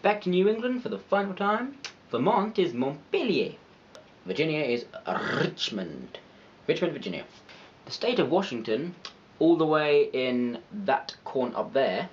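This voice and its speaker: A man's voice: fairly high pitch, very animated, moderate pace, lo-fi sound, slight background noise. A man narrating an educational video with playful, chatty, self-mocking asides. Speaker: video creator.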